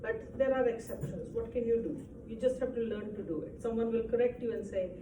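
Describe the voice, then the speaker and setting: Speaking briskly in a fairly high voice, a woman teaches her class English grammar with patient explanations and frequent "right?" checks. A distant mic captures the echoey room and faint noise.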